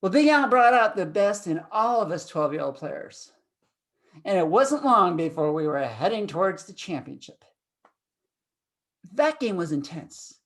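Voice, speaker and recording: Lively, high-voiced man telling a story. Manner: animated, swings from loud excitement to hushed. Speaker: public speaker at a speaking club. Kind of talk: storytelling speech.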